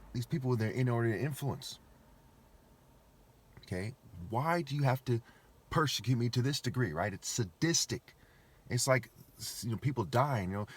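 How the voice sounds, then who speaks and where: A man talking alone to camera in a rambling, emphatic monologue, repeating himself and firing off rhetorical questions. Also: medium pitch.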